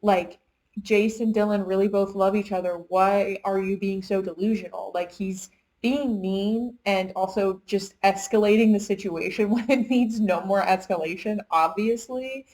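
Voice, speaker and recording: Casual young woman book reviewer, middle pitch, rambling plot recap. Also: steady tone, moderate pace, a little mellow, rough recording. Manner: chatty retelling, heavy use of "like". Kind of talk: casual chat.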